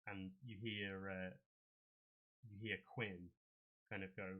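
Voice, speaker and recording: Male game master, low and bright, loose descriptive narration with ums. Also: steady tone, moderate pace, long pauses.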